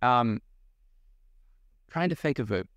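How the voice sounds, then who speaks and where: A man's voice: mid-range voice, takes it slowly, no echo, dull audio. A young man and voice actor, co-hosting a casual comedic chat, rambling through stories and laughing often. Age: young adult. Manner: animated, laughing, rambling storyteller. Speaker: podcast co-host and voice actor.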